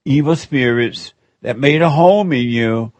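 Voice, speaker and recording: A man's voice: mid-range voice, measured pace, a little mellow, no room sound. A man hosting a call-in radio show, rambling and laughing as he gives spiritual counsel.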